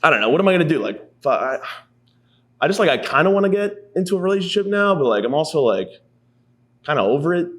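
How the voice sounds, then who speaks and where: A man's voice: fairly high pitch, sing-song, quick pace, a bit bright. Rambling, profane man in his thirties. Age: 30s. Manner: rambling, profane, self-mocking with lots of fillers. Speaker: podcast host. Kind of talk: casual comedic monologue.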